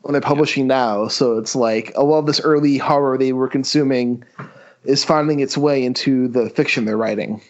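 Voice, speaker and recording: A man's voice: mid-range voice, moderate pace, highs cut off. A man co-hosting a podcast, chatting casually. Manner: reads comic dialogue aloud with acted voices. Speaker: podcast co-host.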